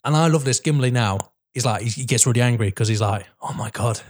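A young British man co-hosting a casual podcast. He swears freely and laughs often. He slips into quick put-on voices when retelling film scenes. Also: mid-range voice. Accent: British English. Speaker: podcast co-host. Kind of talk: casual chat.

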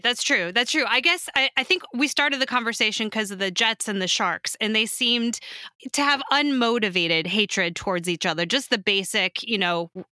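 A woman's voice: mid-range voice, bright, forceful tone, clean tone, no echo, studio quality. A woman in casual conversation about films, talking hesitantly with fillers and restarts. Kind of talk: casual film discussion.

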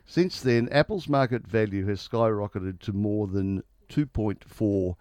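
A man's voice: on the low side, measured pace, darkish tone, no room sound, clean studio sound. A man co-hosting a radio show, chatting casually, laughing often and stumbling into his stories. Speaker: radio co-host.

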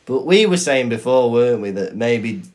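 A man's voice: mid-range voice, lively intonation, normal speed, a little mellow. A man co-hosting a podcast, chatting in jokey banter and slipping into silly impressions. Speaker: podcast co-host. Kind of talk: casual banter.

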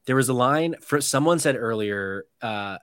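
A man's voice: mid-range voice, lively intonation, normal speed, fairly bright tone, no room sound, studio quality. A man co-hosting a podcast, chatting loosely about a film, swearing freely and restarting sentences. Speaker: podcast co-host. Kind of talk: casual chat about a film.

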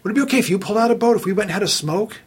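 A man's voice: high-pitched, racing, breathy edge, pitched above the performer's own voice. A man quoting a hesitant young trainee.

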